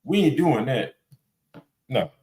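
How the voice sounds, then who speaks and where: A man's voice: medium pitch, very animated, slow, dark tone. A man hosting a reaction podcast panel, talking in a blunt, rambling, casual way with plenty of swearing and fillers. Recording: roomy echo.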